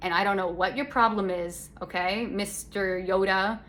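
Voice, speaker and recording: A woman's voice: mid-range voice, steady tone, normal speed, a bit bright, slight background noise. A young adult woman from Canada, hosting a casual solo podcast chat in a sarcastic, rambling way with lots of self-corrections. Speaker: podcast host. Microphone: phone.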